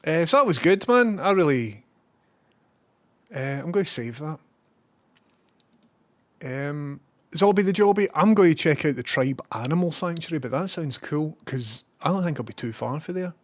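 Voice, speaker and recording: A man's voice: a little high, lively intonation, normal speed, long pauses. A man with a Scottish accent, a live streamer telling a rambling story and reading out viewer messages.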